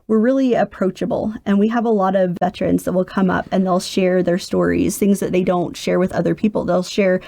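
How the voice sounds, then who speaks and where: A woman's voice: fairly low pitch, fairly quick, gravelly, hardly any pauses, dry recording. A woman in her forties, a military caregiver, talking earnestly in a podcast interview and acting out quotes as she tells stories. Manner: earnest, animated storytelling with voiced quotes.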